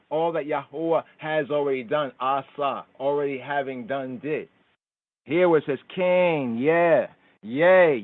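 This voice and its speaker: A man hosting a call-in scripture study, slowly repeating and sounding out Hebrew words as he explains them. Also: on the high side, dry recording. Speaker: host. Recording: tinny phone line, dry.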